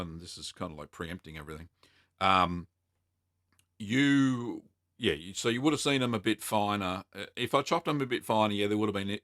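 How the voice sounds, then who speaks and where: A man's voice: fairly low pitch, fairly bright tone, dry recording, studio quality. A man with an Australian accent hosting a casual livestream, reading viewer comments aloud and answering them with plenty of ums and uhs. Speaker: livestream host answering cheesemaking questions.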